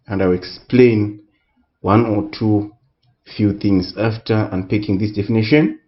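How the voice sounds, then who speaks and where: A man tutoring economics in a recorded lesson, speaking deliberately and repeating key words for emphasis. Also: on the low side, dull audio. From Southern Africa.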